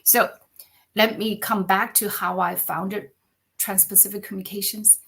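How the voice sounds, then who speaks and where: A middle-aged woman from China, a podcast guest and company founder, telling her story in an animated, conversational way and often checking in with "right?". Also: medium pitch, takes it slowly, creaky, slightly rough. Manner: animated, frequent "right?" tag questions.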